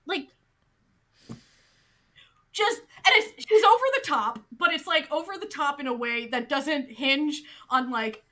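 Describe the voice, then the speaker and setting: A chatty woman co-hosting a casual podcast, retelling a show with animated energy. Her voice sits high and sounds bright, and she fills her sentences with "like". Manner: animated, chatty, heavy use of "like". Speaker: podcast co-host. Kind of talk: casual chat recapping a TV show.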